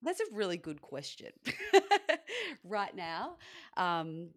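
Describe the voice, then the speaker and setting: Chatty Australian woman, lower voice. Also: big pitch swings, takes it slowly. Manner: chatty storyteller, laughs often, acts out quoted dialogue. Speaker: podcast co-host, fitness coach and sports journalist. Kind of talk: casual chat.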